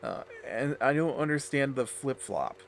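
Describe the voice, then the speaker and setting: A man's voice: medium pitch, expressive, measured pace, slight background noise. A man hosting a let's play, rambling in a chatty way with lots of fillers and restarts while he plays. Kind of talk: casual gameplay commentary.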